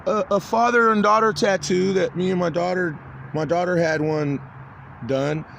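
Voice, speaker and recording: High-voiced, agitated, profane man rambling. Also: steady tone, creaky, a bit bright, slight background noise. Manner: agitated, profane, halting with many restarts. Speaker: vlogger. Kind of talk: rambling confessional video monologue.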